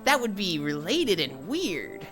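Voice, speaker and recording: A woman voicing a smug, theatrical male villain, speaking high and drawn-out in a gloating way. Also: big pitch swings, over music.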